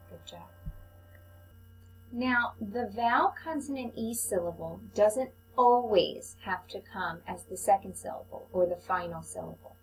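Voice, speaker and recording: A woman teacher giving a slow, patient phonics lesson to young children, speaking into a computer microphone. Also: medium pitch, a little hiss or hum, poor audio. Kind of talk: recorded online phonics lesson.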